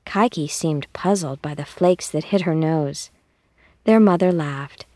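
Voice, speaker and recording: A woman reading a children's story aloud in a calm, measured way. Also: low voice, dry recording. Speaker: narrator.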